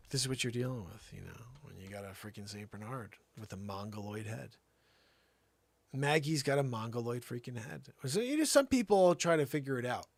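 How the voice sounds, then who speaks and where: A man's voice: mid-range voice, lively intonation, normal speed, gravelly, long pauses, dry recording. A middle-aged man hosting a comedy show, spinning a rambling tall-tale monologue with theatrical jumps in voice.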